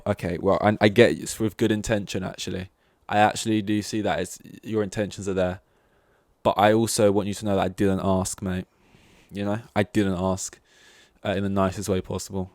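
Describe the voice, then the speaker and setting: A man's voice: on the low side, a little fast, no echo, studio quality. Exasperated young man ranting. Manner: exasperated, rambling, swears often. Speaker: podcast host. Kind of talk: solo ranting monologue.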